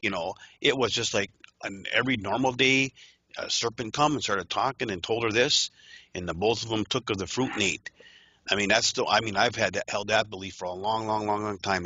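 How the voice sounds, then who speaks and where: A man's voice: fairly low pitch, steady tone, fairly quick, pushed and bright, dry recording. A man co-hosting a casual talk show, earnest and agreeable, repeating words as he works toward his point. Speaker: podcast co-host. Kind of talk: casual chat.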